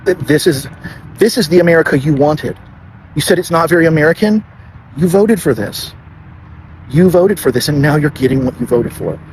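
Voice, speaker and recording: A man's voice: a little high, lively intonation, moderate pace, darkish tone, a little hiss or hum, low-quality recording. A man ranting about politics, indignant and accusing, repeating his points. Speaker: commentator. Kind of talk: passionate political rant.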